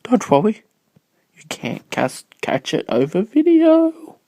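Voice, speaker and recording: This video blogger, coughing from illness, talks to his viewers in a distracted, rambling way and slips into whispers now and then. Captured on a phone camera with no echo, his voice is on the high side, animated, creaky, and a little mellow, at a measured pace.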